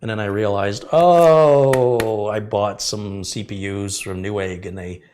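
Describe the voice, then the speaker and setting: Low-voiced man hosting a tech live stream. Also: slow pace, noisy background. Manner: friendly, chatty, explains step by step. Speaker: tech channel host. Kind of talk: live-stream chat, answering viewer questions.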